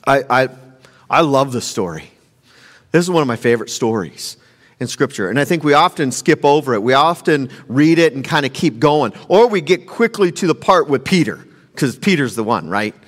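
A pastor preaches in a relaxed, conversational way, circling back and repeating his phrases. His voice is mid-pitched for a man. The sound carries the long reverb of a large church hall. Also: moderate pace. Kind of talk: sermon. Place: church sanctuary.

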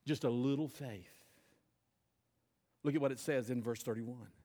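A male pastor preaching a sermon on a stage mic, swinging between loud emphatic bursts and quiet, intense lines. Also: medium pitch, measured pace.

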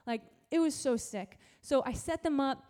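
A young woman youth pastor giving a sermon, telling a story in animated, casual slang. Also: sits high, normal speed.

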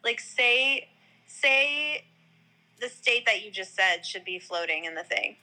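A woman's voice: mid-range voice, lively intonation, slow pace, bright, forceful tone, rough recording. A young woman with a New York–New Jersey accent in casual chat, blunt and quizzing, swearing casually.

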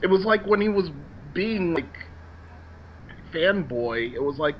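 Sarcastic co-host, very lively pitch, slightly lo-fi sound with faint noise. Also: measured pace, pauses often. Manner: wisecracking, animated, sarcastic quips. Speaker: podcast co-host. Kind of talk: casual TV recap chat.

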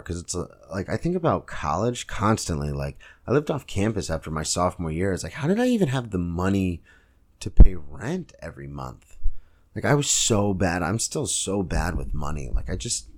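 A young podcast host and stand-up comic rambles through stories and sports talk in a casual solo rant, loose and heavy on filler. His voice sits very low and a little mellow. He's recording from a room at home with his girlfriend nearby.

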